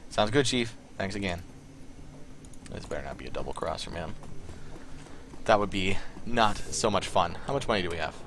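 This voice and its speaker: Man, let's play host, casual rambling commentary, filler ums, lowish voice. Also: a little fast, a little hiss or hum. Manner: relaxed and rambling, with many ums.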